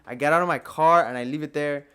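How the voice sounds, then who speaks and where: A man's voice: a little high, fast talker, fairly bright tone, clean tone. A young man on a podcast telling a story in a casual, profane way, laughing often and filling his speech with "like". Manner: laid-back, profane, laughs through his story, lots of "like" fillers. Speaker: podcast co-host.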